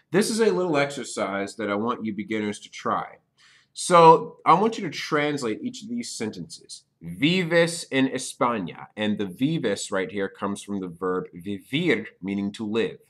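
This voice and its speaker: A man's voice: lowish voice, fairly bright tone. A man teaching a beginner's language lesson on video, explaining step by step and checking in often with "okay?". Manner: repeats key points for beginners. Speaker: Spanish teacher.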